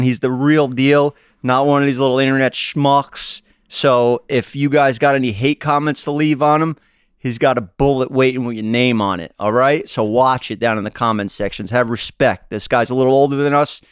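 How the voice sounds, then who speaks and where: A man's voice: mid-range voice, fairly even intonation, moderate pace, clear, resonant tone, no echo. Rambling joking male podcast host. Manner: joking, rambling, mock-tough banter. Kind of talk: casual chat.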